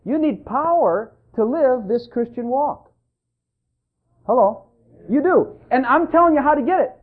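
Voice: sits high, animated, a little slow. A preacher delivering a fervent, emphatic sermon in church, repeating phrases and calling out to the congregation. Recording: tinny phone-like sermon recording.

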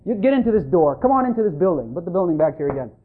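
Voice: mid-range voice, sing-song, very fast. A preacher delivering a fervent, emphatic sermon in church, repeating phrases and calling out to the congregation. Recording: tinny phone-like sermon recording.

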